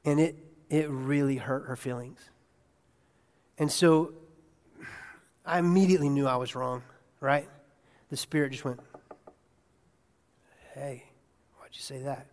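A male pastor preaching a conversational sermon in a church, asking his congregation questions and swinging between hushed asides and loud, excited bursts. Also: medium pitch, unhurried, long pauses. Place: church sanctuary. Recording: long hall reverb.

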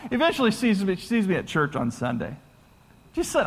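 A man preaching a sermon as a pastor, telling stories in a conversational, animated way that swings from loud to hushed. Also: high-pitched, fairly quick, vocal fry, slight background noise. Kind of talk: sermon with storytelling. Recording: long hall reverb.

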